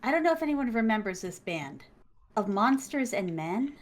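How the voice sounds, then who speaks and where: A woman guest on an interview stream, excitedly retelling her own story in an animated, gushing way with lots of fillers. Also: a little high, normal speed, a little hiss or hum. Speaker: guest, content creator.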